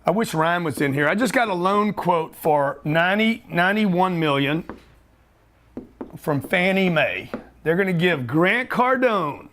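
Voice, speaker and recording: Brief: middle-aged host, high-pitched, brash, joking, slangy. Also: male voice, lively intonation, a little slow, a little hiss or hum. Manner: loud, joking, pushy, slangy. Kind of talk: energetic office talk to camera.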